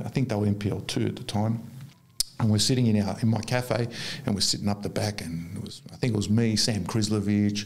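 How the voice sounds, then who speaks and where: A man's voice: on the low side, gravelly, darkish tone. A man in his fifties telling rambling football anecdotes in casual chat, often restarting his sentences. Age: 50s.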